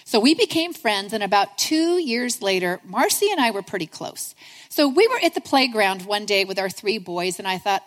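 A woman's voice: fairly high pitch, big pitch swings, normal speed, big-room sound. A middle-aged woman giving a sermon, telling a personal story in an earnest, conversational way and calling her listeners friends.

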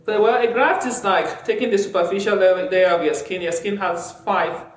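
Lively storytelling woman in an echoey room. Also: medium pitch, normal speed. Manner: animated storytelling, laughs often, acts out quotes. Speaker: clinician guest. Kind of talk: casual conversation.

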